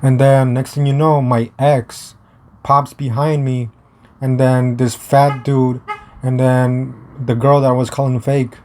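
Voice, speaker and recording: A young man tells a story out of doors in a loose, meandering way, stumbling over restarts and dropping fillers and the odd curse. His voice sits at an ordinary middle pitch. Faint traffic hums in the background. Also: little pitch movement, a little slow, a little mellow. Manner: rambling, profane, many fillers and restarts. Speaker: vlogger. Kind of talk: casual storytelling. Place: outdoors.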